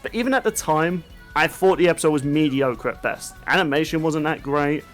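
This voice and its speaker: A man's voice: fairly high pitch, brisk, soft background music. A man co-hosting a casual podcast chat, rambling and laughing often at himself. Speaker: podcast co-host.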